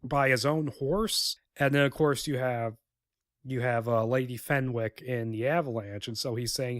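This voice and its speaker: Man, podcast host, sarcastic, rambling, mid-pitched voice, dry close mic. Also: steady tone, moderate pace, no echo. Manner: sarcastic, rambling, with many fillers and restarts. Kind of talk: casual spoken film script review.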